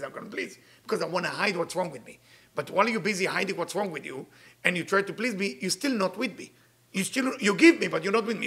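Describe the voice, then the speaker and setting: A high-pitched, gravelly man delivers an inspirational sermon as a spiritual teacher. His delivery is animated and emphatic, with bright, husky tones swinging between loud bursts and soft asides. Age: middle-aged. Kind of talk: weekly inspirational talk.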